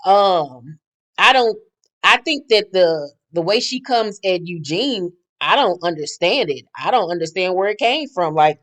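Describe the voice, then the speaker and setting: A woman giving a casual, gossipy, profane recap of a reality show, blunt and sassy in her opinions. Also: mid-range voice.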